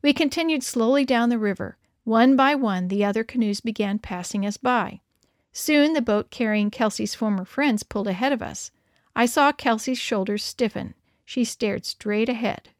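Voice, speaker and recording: A woman's voice: a little high, moderate pace, no room sound, clean studio sound. A woman narrating a children's story, reading expressively. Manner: expressive, lively dialogue. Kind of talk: storybook read-aloud.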